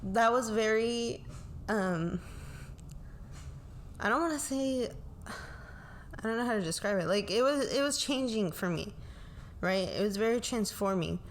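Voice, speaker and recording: A young woman with a calm, soothing voice, sharing a personal faith testimony slowly and reflectively, often adding "like" and "right?". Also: on the high side, slight background noise. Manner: slow, reflective, tags lines with "like" and "right?". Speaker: pastor's kid and co-host.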